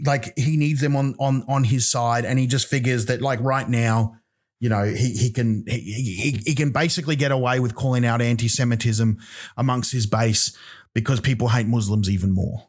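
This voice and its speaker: A heated Australian man in his own podcast, ranting with profane emphasis and stumbling restarts as he pushes each point. His voice sits at an ordinary mid pitch for a man. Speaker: podcast host. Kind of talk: angry comedic rant.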